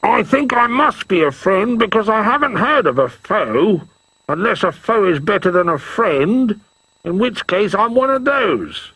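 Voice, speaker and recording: Man doing a furry creature, storybook, gravelly, high, bright, muffled, lively. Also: a little slow, no echo, heavily acted. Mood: cheerful. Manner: muddled and cheerful. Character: big friendly furry horned creature.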